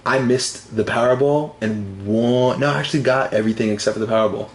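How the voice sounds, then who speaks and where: A man's voice: mid-range voice, brisk. A young man talks loosely on a sports podcast, drifting from story to story and breaking into laughter. His voice sits mid-range. A faint hiss runs under the recording. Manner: rambling, laughs often, storytelling. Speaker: podcast co-host. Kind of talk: casual sports chat.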